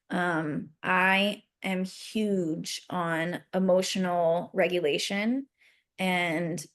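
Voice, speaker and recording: A woman's voice: on the low side, gravelly. A young adult woman as a podcast guest, talking candidly and earnestly about raising her son, with frequent fillers. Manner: earnest, open, rambling with fillers. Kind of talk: candid interview talk.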